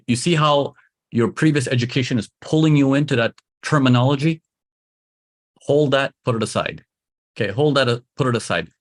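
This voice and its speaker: A man teaching trading to a live audience, emphatic and repetitive, coaxing his listeners along. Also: mid-range voice. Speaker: trading instructor.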